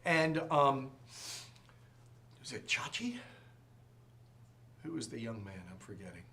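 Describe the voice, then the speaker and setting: A man teaching a Sunday school class, animated and joking, acting out quotes as he goes. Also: mid-range voice, slow, a little hiss or hum. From from outside the region. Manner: animated, jokes and acts out quotes.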